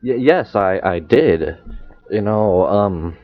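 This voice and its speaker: A young man, a podcast guest, telling a story in casual chat, halting with many fillers and restarts. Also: fairly low pitch, animated, no room sound. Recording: muffled lo-fi sound.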